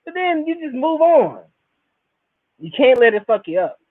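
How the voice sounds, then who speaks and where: Animated man ranting over a tinny line. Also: very high-pitched, normal speed. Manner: animated, repetitive, profane storytelling. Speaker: podcast host. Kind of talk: casual monologue. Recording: tinny phone-like recording.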